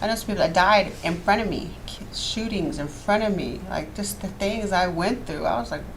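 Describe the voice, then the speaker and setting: A woman guest telling her life story in a casual chat, animated and quick to act out quotes. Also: medium pitch, gravelly. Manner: animated storyteller, laughs often, acts out quotes. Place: radio studio. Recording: distant mic with faint background noise.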